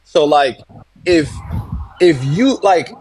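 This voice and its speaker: Soft-spoken man full of hesitant fillers. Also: fairly high pitch, slow pace, breathy edge, poor audio. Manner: hesitant, filler-heavy, calming. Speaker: livestream co-host. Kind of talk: casual livestream talk.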